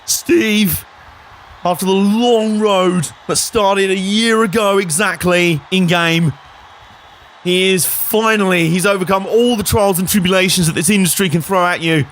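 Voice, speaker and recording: A man's voice: high voice, steady tone, unhurried, fairly bright tone, a little hiss or hum. A man hosting a let's play, commenting on a wrestling game in a jokey, sarcastic way. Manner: jokey, sarcastic, chuckling often.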